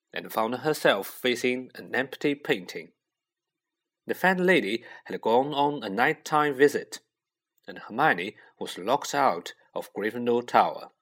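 Male audiobook reader, slow pace, lively intonation, storybook narration. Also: mid-range voice.

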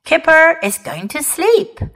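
Woman playing a calm, patient dad. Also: very high-pitched, takes it slowly, voice pushed up, heavily acted. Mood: gentle. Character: calm, patient father tucking his son in.

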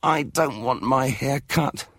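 A man's voice: mid-range voice, takes it slowly, fairly bright tone, dry recording, clean studio sound, pitched above the performer's own voice. A man reading a storybook, voicing a small fussy boy who whines and wails. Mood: whining. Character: boy child, fussy and whiny.

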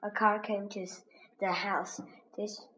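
A woman slowly reading a children's reader aloud as a lesson, pronouncing each word with care. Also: medium pitch, little pitch movement, fairly bright tone. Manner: slow, careful, clearly pronounced. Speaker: reading teacher. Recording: dull lo-fi recording with faint hiss.

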